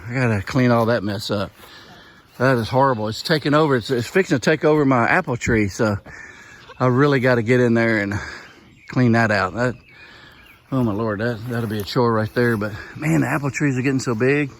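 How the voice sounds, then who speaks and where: A man's voice: medium pitch, normal speed. A middle-aged man with a Southern US accent, chatting casually as he walks around his homestead, a bit out of breath and rambling with frequent restarts. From Southern United States. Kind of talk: casual walk-around vlog. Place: outdoors on a rural homestead.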